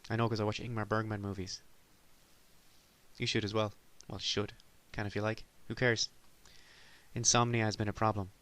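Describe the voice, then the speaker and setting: A man's voice: fairly low pitch, level tone, normal speed, fairly bright tone. A man from Ireland hosting a solo comedy podcast, rambling in a self-deprecating way with sudden exasperated outbursts. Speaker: podcast host.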